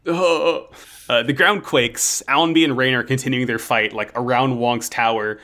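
Bright-voiced man, joking and profane. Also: mid-range voice, fairly even intonation, normal speed. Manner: joking, profane, narrates plot. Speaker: podcast co-host. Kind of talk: casual chat recapping an anime.

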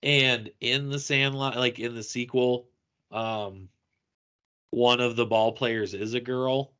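A man co-hosting a casual podcast chat, playful and quick to laugh. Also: medium pitch, fairly even intonation, pushed and bright, smooth. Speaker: podcast co-host.

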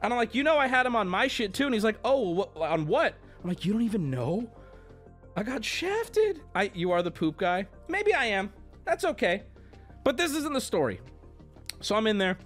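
A young adult man telling a rambling story to his stream chat, animated and swearing, jumping between high exclamations and low mumbles. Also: brisk, soft background music.

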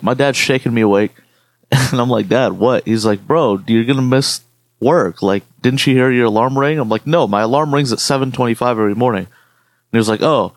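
A man's voice: medium pitch, no echo. A man co-hosting a podcast, telling rambling stories in casual chat with lots of swearing. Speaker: podcast co-host.

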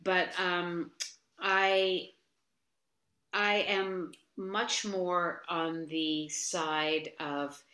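A woman's voice: fairly low pitch, extremely slow. A woman dance teacher as a guest, chatting animatedly and telling stories. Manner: animated storytelling, frequent "you know". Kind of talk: casual interview chat. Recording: roomy echo.

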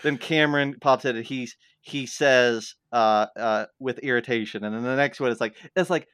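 A man co-hosting a podcast in casual chat, wry and animated, piling up asides as he makes his point. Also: mid-range voice, normal speed, smooth, dry recording, studio quality. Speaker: podcast co-host. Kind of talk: casual book discussion.

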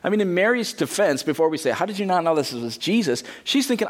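A male pastor preaches a sermon in a church. He talks in a relaxed, conversational way and acts out the people in his stories. His voice sits a little higher than most men's. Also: fast talker. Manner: conversational, animated, acts out quotes in character.

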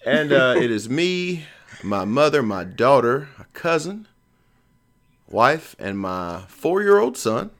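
A man's voice: medium pitch, sing-song, slow, a bit bright. A man in his thirties hosting a casual podcast, rambling and joking with plenty of ums. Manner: rambling, jokey, lots of ums. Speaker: podcast host.

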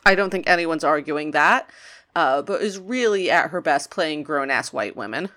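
A woman's voice: sits low, animated, moderate pace, pushed and bright. A woman co-hosting a podcast, joking and chatting enthusiastically while recapping a cartoon episode. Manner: playful, jokey, enthusiastic asides. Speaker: podcast co-host.

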